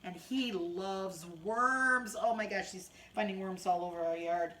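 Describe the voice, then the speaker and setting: Woman, children's storyteller, sing-song, gentle, bright voice, faint background noise. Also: medium pitch, measured pace. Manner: gentle, sing-song, talking to small kids. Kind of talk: reading a picture book to children.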